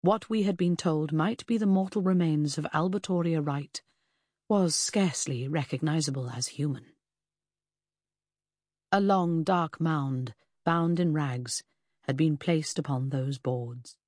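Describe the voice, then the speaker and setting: A woman narrating a novel in the first person, in a measured reading that slows on grim details. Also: sits low, a little mellow, dry recording, studio quality. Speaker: audiobook narrator.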